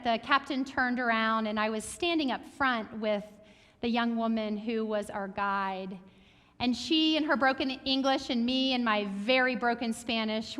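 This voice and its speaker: A woman pastor preaching a reflective sermon, sharing stories in a soft, thoughtful way. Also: on the high side. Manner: reflective, storytelling, soft-spoken at times. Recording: reverberant hall.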